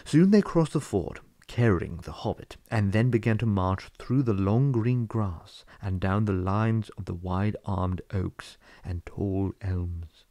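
Man reading a book, low and dark. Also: slow pace, few pauses, no echo, clean studio sound. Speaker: audiobook reader. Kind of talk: book narration.

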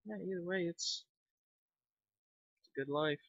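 Unhurried and a bit bright, this young man's high-pitched voice drifts through casual gameplay commentary, full of fillers as he thinks aloud. He's a gaming vlogger, recorded dry on a dull lo-fi home mic.

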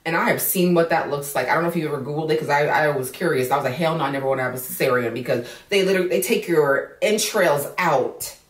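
Captured from afar in an echoing room, a woman vlogger talks quickly with few pauses in a low voice. Her casual take on a news story is outspoken and indignant, full of swearing.

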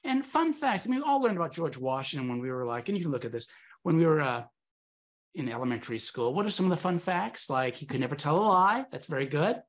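A man's voice: a little high, sing-song, fast talker. A man performing comic magic patter for a live audience, swinging from very serious to absurd, with teasing asides.

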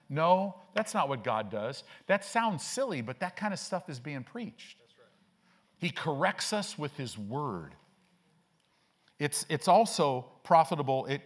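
An older male pastor preaches a sermon from the pulpit, his voice pitched a little high for a man. He's animated, swinging widely in pitch and often throwing rhetorical questions at the congregation.

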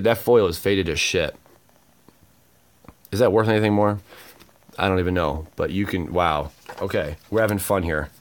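An excitable man hosting a card-opening video, exclaiming often and swinging between loud outbursts and low mutters. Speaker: card-opening channel host. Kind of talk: excited unboxing vlog.

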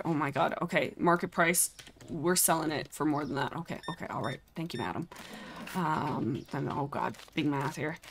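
A woman with a low, gravelly voice giving live game commentary, flustered and joking as she talks to the customers on screen. A faint hiss sits under her voice. She keeps up a running stream of self-mocking remarks.

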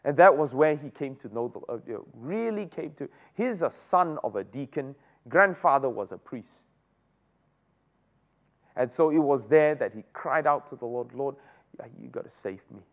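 A man's voice: a little high, lively intonation, normal speed. A man teaching a Bible study, often asking the group rhetorical questions. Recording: dull lo-fi recording.

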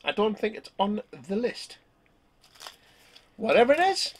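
A man's voice: high-pitched, big pitch swings, measured pace, a little hiss or hum. A man vlogging as he tastes snacks, talking casually and laughing often. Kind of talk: casual snack tasting chat.

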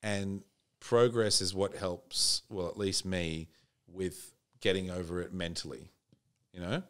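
Australian man, very deep voice, laid-back storytelling, casual swearing. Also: fairly even intonation, a little slow, fairly bright tone. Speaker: podcast guest.

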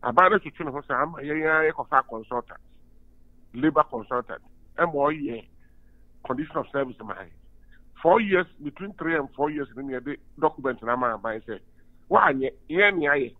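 A man's voice: on the high side, lively intonation, moderate pace. A Ghanaian university lecturer and union official giving an emphatic phone-in radio interview, switching between Twi and English. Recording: tinny phone line.

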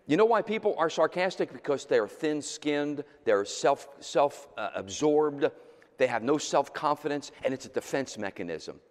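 A man preaching a sermon as the pastor, talking in a loose, conversational way and jumping from loud exclamations to quiet asides. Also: fairly high pitch. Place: church sanctuary. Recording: reverberant church hall.

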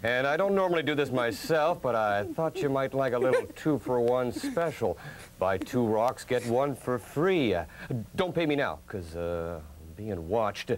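A man's voice: mid-range voice, very animated, measured pace. A man voicing a brash, swaggering drug dealer with cocky sales patter.

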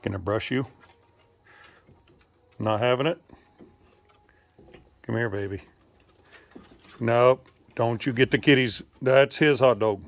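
A man's voice: mid-range voice, slow, creaky, long pauses. A man talking casually to his animals as he feeds and grooms them, coaxing and scolding them in short commands.

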